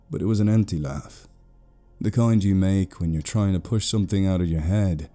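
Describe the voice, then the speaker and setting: Low, dark-voiced British man narrating horror. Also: moderate pace, faint music behind.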